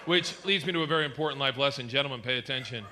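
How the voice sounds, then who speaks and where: A middle-aged man doing a stand-up comedy set, telling stories loudly and acting out characters with sudden shouts. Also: medium pitch, very fast. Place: comedy club stage with a live audience. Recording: live stage recording with audience noise.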